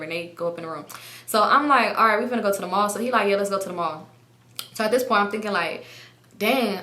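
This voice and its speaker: A young woman tells a story in a casual, lively way and slips into other people's voices as she quotes them, cursing freely. Her voice is bright and clear, and it echoes in the room around her. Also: medium pitch. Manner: animated, acts out other people's lines; swears freely. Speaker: storytime vlogger.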